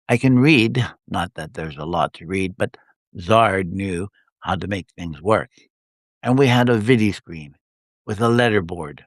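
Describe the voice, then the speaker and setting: Low-voiced man reading his story. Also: measured pace, dry recording, clean studio sound. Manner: steady first-person storytelling. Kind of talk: live fiction reading. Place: home live stream.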